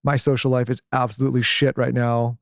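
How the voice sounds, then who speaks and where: A man's voice: mid-range voice, level tone, brisk, creaky, dry recording, studio quality. A man co-hosting a podcast, sharing frank personal opinions with the guest. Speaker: podcast co-host. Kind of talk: podcast interview chat.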